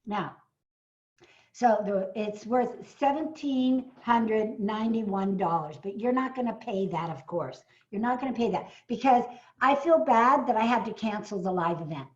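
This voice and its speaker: Pitching her webinar with great enthusiasm on a video call, a speaker trainer hosts it live, talking a little slowly through audio with the highs cut off. Slightly hoarse and coughing at times, she's excitable, with cheering outbursts and many filler words.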